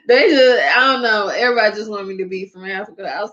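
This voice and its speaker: Female host from Georgia with a Southern accent, mid-pitched, unhurried, chatty and laughing, on a muffled low-fi recording. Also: fairly bright tone. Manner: rambling, laughs often, drawn-out words. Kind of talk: casual chat.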